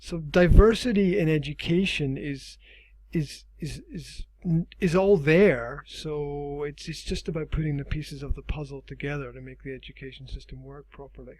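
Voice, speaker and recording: A man's voice: fairly high pitch, moderate pace, hardly any pauses, a little mellow, dry recording, poor audio. A man interviewing a student as her teacher, thinking aloud and repeating words while he talks, his voice wearing out. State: losing his voice. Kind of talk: casual interview.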